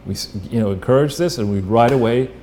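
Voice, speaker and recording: A man's voice: mid-range voice, fast, warm tone, a little hiss or hum. A man giving casual political analysis as a guest, talking bluntly with restarts and the odd profanity.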